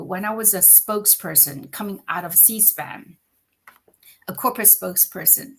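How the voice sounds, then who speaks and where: A middle-aged woman from China, a podcast guest and company founder, telling her story in an animated, conversational way and often checking in with "right?". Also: medium pitch, normal speed, vocal fry, slightly rough. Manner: animated, frequent "right?" tag questions.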